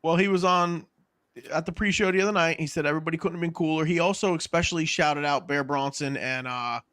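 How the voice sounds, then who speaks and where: A man's voice: on the high side, fairly even intonation, fast, fairly bright tone, smooth, dry recording. Man, co-host, rambling and candid storyteller, dry close sound. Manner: rambling, candid, swears casually. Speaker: podcast co-host. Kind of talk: casual chat.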